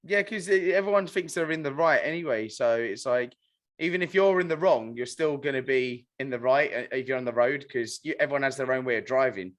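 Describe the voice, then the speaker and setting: A man's voice: mid-range voice, a little fast. A man co-hosting a casual chat, telling a story and laughing through it. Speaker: co-host.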